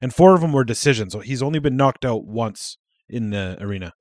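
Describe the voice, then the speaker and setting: A man's voice: medium pitch, expressive, brisk, a little mellow, no room sound, studio quality. A man co-hosting a podcast in casual chat, swearing freely and often trailing off mid-thought. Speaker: podcast co-host.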